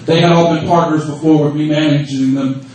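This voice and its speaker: A man in his thirties telling profane, lively stories and laughing often as a guest at a fan Q&A panel. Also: on the high side, fairly quick, distant mic. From United States. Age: 30s. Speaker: wrestling promotion creative head on a fan panel. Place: convention room at a fan event. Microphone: phone held in the audience. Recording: echoey room, phone recording from the audience.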